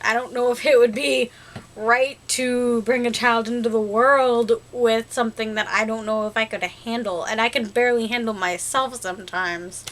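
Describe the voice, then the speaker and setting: Young woman vlogger, bright tense voice, a little high, rambles and laughs a lot. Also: fairly even intonation, moderate pace, a little hiss or hum. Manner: chatty and rambling, laughing often. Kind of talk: casual talk to camera.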